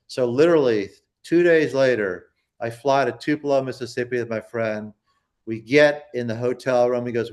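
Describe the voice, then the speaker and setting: A man's voice: mid-range voice, a little fast, a little mellow. A man, a poster collector, telling a long story in a casual interview, rambling with many restarts and acting out quoted people.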